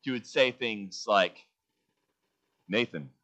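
Bright-voiced preacher delivering a sermon. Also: male voice, high-pitched, animated, moderate pace. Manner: emphatic, asks the congregation questions, then answers them. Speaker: pastor.

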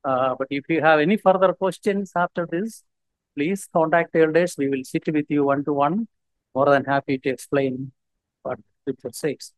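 Male visiting preacher, sermon, fairly high voice, dry sound, halting delivery with slow scripture reading. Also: dry recording, low-quality recording.

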